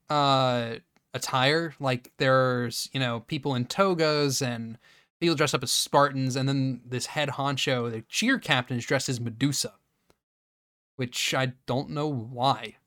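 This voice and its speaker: A man co-hosting a comedy podcast who recaps a movie in casual, rambling chat and slips into quick quoted voices for its characters. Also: medium pitch, a bit bright, dry recording, studio quality. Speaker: podcast co-host.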